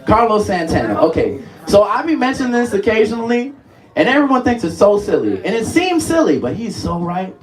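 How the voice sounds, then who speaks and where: A man's voice: high voice, big pitch swings, fairly quick. Playful man leading a music workshop. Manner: playful, laughs often, coaxing the group. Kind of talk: live workshop teaching. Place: workshop room with live audience.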